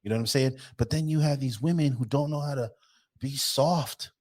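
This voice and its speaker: Brisk and medium in pitch, a male co-host chats casually on a podcast. He's outspoken and animated, giving blunt opinions with lots of cursing.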